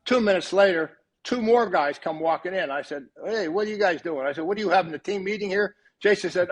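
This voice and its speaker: This older man talks briskly in a high voice, barely pausing. He's a retired coach on a podcast as a guest, spinning long, casual anecdotes and acting out the lines he quotes with animation.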